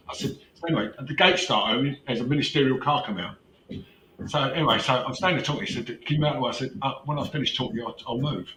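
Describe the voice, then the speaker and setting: An animated man tells a story in casual chat, acting out every quoted line with a bright, forceful edge. He sits away from the mic, and the room adds a roomy echo. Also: mid-range voice, quick pace. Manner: animated, acts out quoted dialogue, rhetorical questions. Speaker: activist recounting a street confrontation. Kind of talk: casual storytelling on a video call. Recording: roomy distant mic with faint noise.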